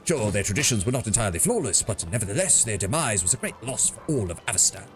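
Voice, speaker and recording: A man's voice: on the low side, sing-song, fast. A man voicing a pompous, chatty male mercenary captain in a put-on British accent, reading game dialogue aloud. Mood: genial. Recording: music playing behind.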